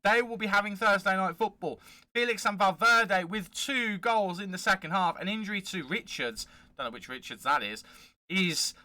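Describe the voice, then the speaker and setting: Excitable man with a sharp voice. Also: sits high, moderate pace, no echo. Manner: chatty, excitable play-by-play musing. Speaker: gaming channel host. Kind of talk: let's play commentary.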